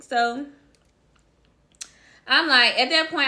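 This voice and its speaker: A woman's voice: on the high side, moderate pace, pushed and bright. A woman casually telling a personal story to her viewers, chatty and talking to them directly as y'all. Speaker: vlogger.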